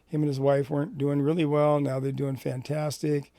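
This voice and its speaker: Man, gravelly, slightly high voice, dry close sound, animated storytelling. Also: moderate pace, no echo. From Washington State. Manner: animated storyteller, acts out dialogue. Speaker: Christian ministry speaker. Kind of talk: personal storytelling.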